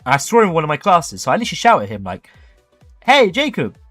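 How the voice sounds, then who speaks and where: A young man, telling a story on a livestream in a jokey, animated way. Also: a little high, racing, soft background music. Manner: animated, jokey, acts out voices. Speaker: livestream host.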